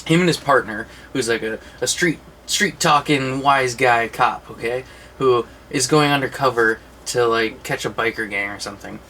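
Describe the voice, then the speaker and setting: A man's voice: medium pitch, moderate pace, pushed and bright, a little hiss or hum, low-quality recording. A man co-hosting a casual movie collection chat, telling long rambling stories and laughing at his own jokes. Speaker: co-host of a movie collection show.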